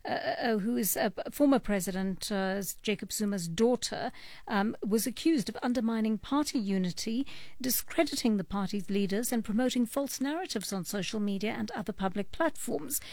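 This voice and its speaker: A woman from South Africa hosts a talk radio show from a studio. She speaks in a measured, wry way and sits close to a dry microphone with a middle-pitched voice. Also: darkish tone, no echo. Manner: measured, wry, reads listener messages.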